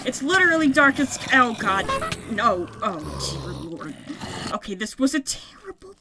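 A woman giving excitable, yelping play-by-play commentary on a survival game session, often laughing at her own bad plan. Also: fairly high pitch, unhurried, a little hiss or hum. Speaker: gaming video creator. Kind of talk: Minecraft let's play commentary.

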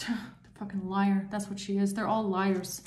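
A woman's voice: medium pitch, level tone, unhurried, roomy sound, heavy background noise. A woman doing a tarot reading for her viewers, angry and emphatic, swearing often. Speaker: tarot reader.

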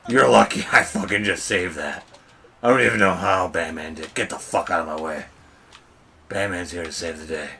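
A man voicing Batman while streaming a game, gruff, boastful and swearing. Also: deep voice, moderate pace, pushed and bright, slight background noise, exaggerated voice. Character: gravelly growling male Batman, brooding and tough. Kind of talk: streaming gameplay in character.

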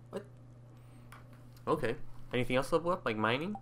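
A man's voice: medium pitch, animated, fairly quick, a bit bright, slight background noise. A man hosting his own gaming channel, chatting casually and thinking aloud as he plays, with faint game music underneath. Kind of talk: casual gameplay commentary.

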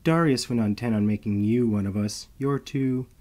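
A man's voice: medium pitch, normal speed, dark tone, close to an everyday voice. A man voicing a cool, smirking male vampire telepath who speaks in a nonchalant, dry way.

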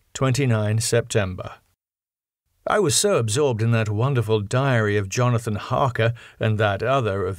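A man with a medium-pitched voice narrates a classic novel as an audiobook, reading in a measured, even storytelling manner. The scripted narration is clean studio sound with no room sound.

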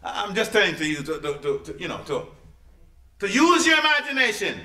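A man preaching in a church, his voice bright and a little high for a man. His delivery leaps about, rising to loud peaks and dropping to quiet asides. The room around him is echoey. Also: brisk. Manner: lively, folksy preaching with sudden loud peaks and hushed asides. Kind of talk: sermon.

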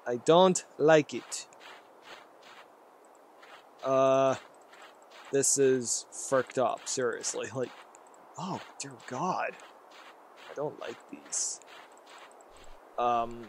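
A man's voice: mid-range voice, a little hiss or hum. A man giving rambling commentary while playing a horror game, talking to himself and reacting aloud. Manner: rambling, jittery, talks to himself. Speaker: gaming YouTuber.

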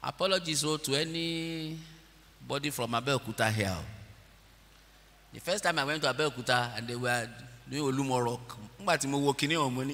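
A man preaching a sermon, leading the congregation in call-and-response and rising into shouted prayer. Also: mid-range voice, brisk. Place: large church hall. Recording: long church hall reverb.

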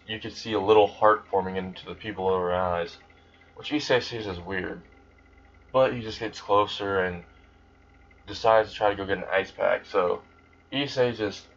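A young man casually retelling a fan story, rambling and swearing freely. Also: fairly low pitch. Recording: dull lo-fi recording.

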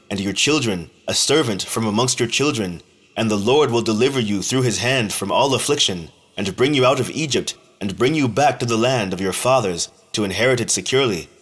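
Man reading scripture slowly and solemnly. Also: mid-range voice, a bit bright, husky. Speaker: scripture reader.

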